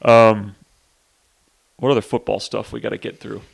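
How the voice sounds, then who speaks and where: A man with a gravelly, fry-laden voice that stays flat in pitch, delivering lists and dry, teasing asides. He co-hosts a casual sports chat. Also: moderate pace. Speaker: podcast co-host.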